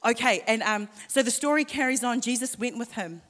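A woman pastor preaching a sermon, impassioned, sometimes dropping to hushed asides. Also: a little high, lively intonation, brisk, big-room sound.

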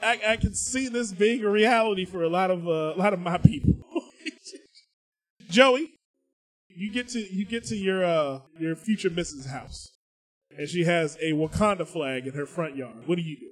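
A high-pitched man co-hosting a comedy podcast. He talks loudly and jokes in a loose, casual way, laughing often as he riffs. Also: normal speed. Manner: loud joking, laughs often. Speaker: podcast co-host.

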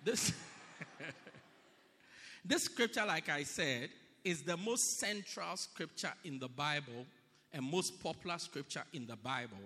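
A man preaching a sermon to a congregation, leading them in repeated shouted readings of scripture. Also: on the high side, in a large hall. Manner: builds to shouted call-and-response reading. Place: church.

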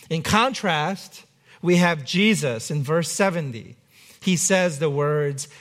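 A man's voice: a little high, takes it slowly, fairly bright tone. A man preaching a sermon as pastor, conversational with light humor.

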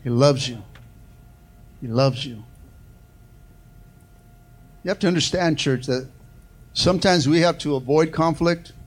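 A man preaching a sermon to his church, calling for amens and swinging from loud, quick bursts to slow, soft passages. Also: a little high. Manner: preaching with call-and-response, repeated "amen" and "come on". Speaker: pastor.

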